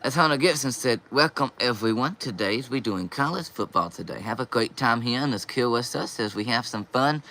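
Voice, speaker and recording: A man's voice: medium pitch, lively intonation, moderate pace, few pauses, sharp tone. A young man hosting a casual live stream, reading viewer comments aloud and answering them.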